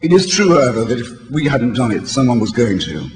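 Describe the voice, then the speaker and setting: A British man in his sixties gives an eloquent, wry, polemical speech to an audience, his voice hoarse and failing. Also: mid-range voice, big pitch swings, fairly quick, a little mellow. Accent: British English. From England. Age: 60s. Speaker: speaker addressing a convention. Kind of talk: public speech. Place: large hall before an audience. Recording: reverberant hall with faint background noise.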